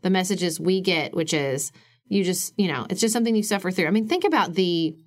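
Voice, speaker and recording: A woman in her forties co-hosting a podcast, chatting casually and emphatically, her voice jumping up when she quotes others. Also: brisk. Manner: animated, emphatic, swings up high when quoting others. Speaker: podcast co-host. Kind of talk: casual chat.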